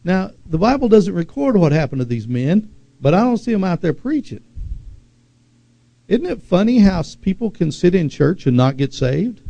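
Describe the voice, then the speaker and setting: A man preaching a sermon as pastor to a church service, with emphatic repeated phrases, sudden loud peaks and calls to the congregation. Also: sits high, very animated, moderate pace, gravelly, no room sound, highs cut off.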